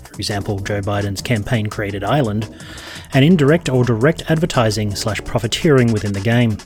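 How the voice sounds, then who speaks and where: Man, games news host, brisk read, faint music bed. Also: medium pitch. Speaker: gaming news presenter. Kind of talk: read news segment, then casual chat. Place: apartment beside a train line.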